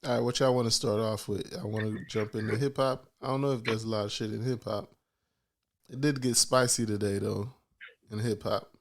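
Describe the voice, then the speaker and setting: A man's voice: fairly low pitch, fairly even intonation, fairly quick. A man co-hosting a podcast in casual chat, laid-back and blunt, swearing freely. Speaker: podcast co-host.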